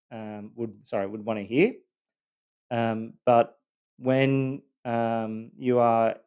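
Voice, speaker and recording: A man's voice: fairly low pitch, darkish tone. A man hosting a podcast, telling his own story in a loosely scripted monologue, earnest and hesitant with many fillers and repeated words.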